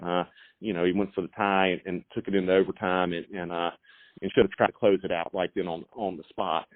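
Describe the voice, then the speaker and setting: Halting low-voiced coach on a phone line. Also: male voice, no room sound. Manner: halting, many repeated words and fillers. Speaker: high school football coach. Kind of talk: phone interview.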